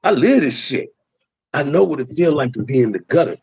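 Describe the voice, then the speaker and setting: A man's voice: medium pitch, sing-song, brisk, a little mellow, slightly rough, dry recording, rough recording. A middle-aged man, talking emphatically in a preachy street style as host of a livestream. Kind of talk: impassioned livestream talk.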